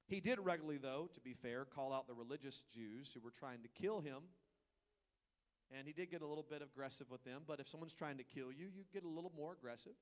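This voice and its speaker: A man preaching a sermon as pastor, swinging from quiet asides to loud emphatic stretches and acting out people's thoughts in playful quoted voices. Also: mid-range voice, fast.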